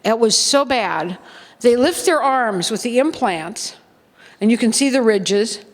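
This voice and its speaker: A woman's voice: a little high, animated, measured pace. Blunt older woman in a reverberant hall. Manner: blunt, laughs often, acts out quoted voices. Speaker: former showgirl speaker. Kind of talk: storytelling at a seminar.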